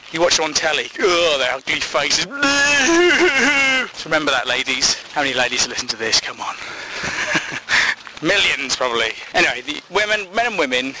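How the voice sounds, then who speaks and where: A man rambling through a silly comic monologue, out of breath and amused at his own jokes. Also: heavy background noise. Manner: silly, self-amused, jumps into high put-on voices. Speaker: comedy podcaster.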